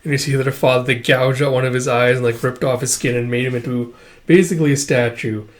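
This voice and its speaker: A man's voice: mid-range voice, fairly even intonation, fast talker. A man giving casual, blunt commentary while he reads through a comic and swears freely. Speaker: comic reviewer.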